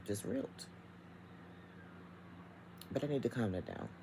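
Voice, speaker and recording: A woman's voice: extremely low pitch, wildly swooping pitch, unhurried, gravelly, noisy background. A middle-aged woman vlogging from home, talking straight to her viewers in an emphatic, chatty rant. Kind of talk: casual vlog rant.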